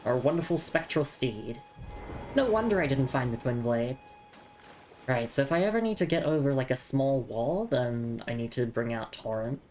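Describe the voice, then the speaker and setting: A woman's voice: extremely low pitch, lively intonation, normal speed, darkish tone, slight background noise. A woman streamer chatting casually while playing a game, reading item text aloud to her viewers. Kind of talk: casual gameplay commentary.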